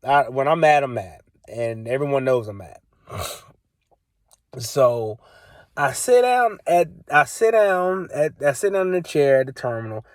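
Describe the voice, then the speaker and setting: A man's voice: medium pitch, lively intonation, a little slow, no echo. A young man telling a story in a casual, exasperated way, repeating himself for emphasis. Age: young adult. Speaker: vlogger.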